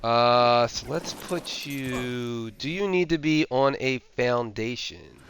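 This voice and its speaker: A man chats his way through a survival game stream, thinking aloud and trailing off into fillers. His voice is bright and forceful at a middling pitch. Faint background noise and mouse clicks sit under the talk. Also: slow. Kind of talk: casual gameplay commentary.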